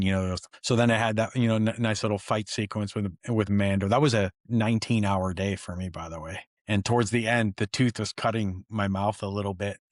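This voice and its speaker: Man, low voice, dry close mic, chatty stuntman guest, animated storytelling. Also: dry recording. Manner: animated, acts out quotes. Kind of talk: casual storytelling interview.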